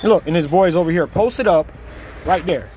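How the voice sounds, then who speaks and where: A man's voice: high voice, normal speed, a little mellow, slight background noise. A man giving blunt, slangy, mocking reaction commentary over a video clip.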